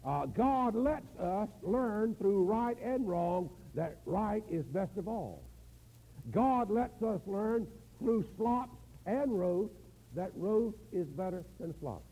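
An older man preaching a sermon in a folksy, storytelling manner, drawing out words for emphasis, with a gravelly voice. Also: high-pitched, animated, slow, warm tone, poor audio.

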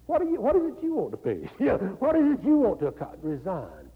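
Gravelly North Carolina preacher with lively pitch. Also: male voice, a little fast, few pauses. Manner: folksy, laughing, animated preaching with repeated "you know". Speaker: pastor. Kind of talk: sermon. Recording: dull lo-fi recording in a reverberant hall.

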